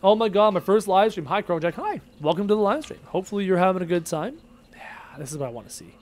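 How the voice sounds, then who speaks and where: A man's voice: high voice, expressive, quick pace. A man streaming a game live, chatting and muttering to himself as he plays and reads chat aloud. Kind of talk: live gameplay commentary, reading chat aloud.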